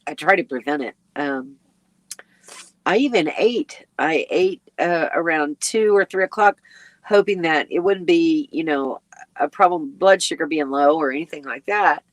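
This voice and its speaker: Sleepy, chatty woman with a lowish voice. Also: a little slow, no room sound. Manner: chatty and rambling, with frequent ums and little laughs. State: sleepy and yawning. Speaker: RV travel vlogger hosting a live chat. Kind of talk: casual live-stream chat, reading viewer comments aloud.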